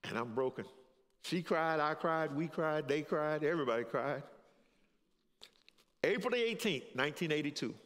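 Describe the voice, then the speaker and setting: An older male pastor with a high, tenor-ish voice, preaching and sharing his testimony. He drops to a hush, then rises to a preacherly call, chuckling at his own story. His words ring out with a long tail of reverb through a big church hall. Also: moderate pace, long pauses. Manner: swings from hushed to raised, preacherly. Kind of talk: sermon with personal testimony. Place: church sanctuary.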